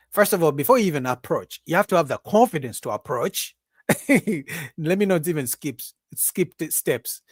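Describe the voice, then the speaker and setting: A man talks straight to his livestream audience in an animated, emphatic monologue, repeating himself and tagging lines with "right?". His voice sits fairly high, and the dry recording keeps him close to the mic. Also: no echo. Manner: animated, acts out women's voices in a high mocking pitch; repetitive, emphatic, asks "right?". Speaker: livestream host. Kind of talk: casual opinion monologue.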